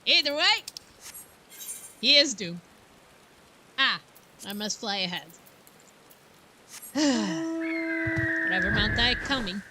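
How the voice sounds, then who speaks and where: Slow-talking woman commenting on a game. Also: high voice, very animated, noisy background. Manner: chatty and self-correcting. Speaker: let's play streamer. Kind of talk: casual gameplay commentary. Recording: game music underneath.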